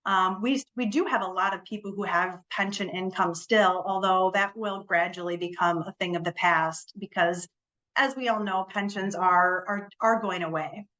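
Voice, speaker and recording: A female financial advisor with a mid-range voice gives a relaxed webinar presentation, explaining with frequent ums and repeated words. She leans on key words for emphasis, and the recording quality is low.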